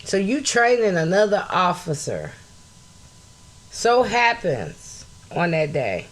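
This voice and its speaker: An American woman hosts her own podcast in impassioned solo talk, her lowish voice very animated and her pace slow. She's angry and blunt, swears freely, rises to shouting, and greets live chat viewers mid-talk.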